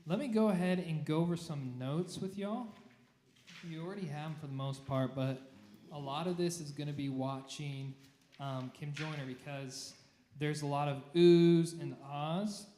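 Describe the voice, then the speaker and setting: The voice is a man's, a bit high for a man, unhurried, as he takes a church choir through its parts. Now and then he breaks into a sung phrase to show how it goes. The room has a strong echo. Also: warm tone. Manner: talks through notes, sings short phrases to demonstrate. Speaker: choir director. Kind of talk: rehearsal instruction. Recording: echoey room.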